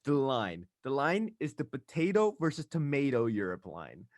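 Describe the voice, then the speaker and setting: A man's voice: medium pitch, dry recording. Young guy hosting a podcast, rants a lot, dry close mic. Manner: animated ranting, quick asides. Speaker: podcast host. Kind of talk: casual chat.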